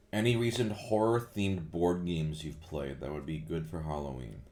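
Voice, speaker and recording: Low, slow-talking man rambling casually. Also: fairly even intonation, darkish tone, soft background music. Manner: rambling, full of fillers and restarts. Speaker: voice actor answering viewer questions. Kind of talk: casual Q&A chat.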